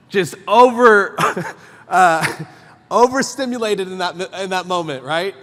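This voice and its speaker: Male pastor, slightly high voice, preaching in a church with long hall reverb; emphatic and conversational, lots of rhetorical questions. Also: slow, fairly bright tone. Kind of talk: sermon. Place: church sanctuary.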